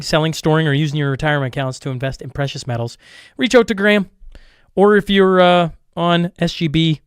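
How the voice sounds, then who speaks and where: A cheerful podcast host, pitched a bit high, rattling off sponsor plugs in a loose, chatty ramble. He often circles back to fix what he just said. The sound is close and dry, with no room around it. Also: smooth, no echo. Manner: upbeat, rambling, restarts and self-corrections. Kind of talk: casual ad reads and show intro.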